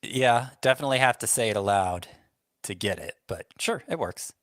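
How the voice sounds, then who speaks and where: A fantasy baseball podcast co-host speaks in a fairly low, animated, fairly bright voice at a moderate pace. The clean studio recording has no room sound, and he chats casually, making wry, understated remarks.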